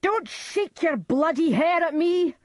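A woman's voice: fairly low pitch, a little slow, husky, no room sound, clean studio sound. A woman voicing a tormented, haunted king who cries out frantically, in a storybook reading. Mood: frantic. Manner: frantic, crying out.

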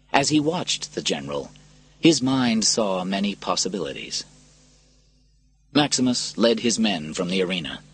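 A man narrating a scripted story in a dramatic, expressive reading style with a husky voice. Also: sits low.

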